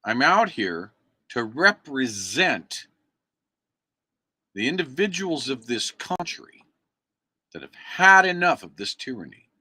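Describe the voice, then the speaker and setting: A man's voice: medium pitch, big pitch swings, takes it slowly, pauses often, pushed and bright, slightly rough, dry recording. Angry American man ranting on livestream. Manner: angry, emphatic, preachy. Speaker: activist live streamer. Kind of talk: impassioned livestream rant. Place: indoors at a computer. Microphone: computer mic.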